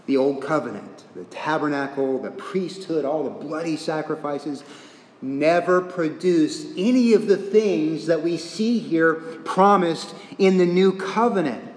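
A man preaching an expository sermon with earnest emphasis, moving between quiet stress and rising intensity. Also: fairly high pitch, a little slow. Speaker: pastor. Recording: echoey hall, reverberant.

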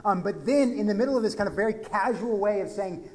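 A man from Texas, a pastor, preaching a conversational sermon that swings from quiet asides to loud, emphatic peaks. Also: high-pitched, brisk, hardly any pauses.

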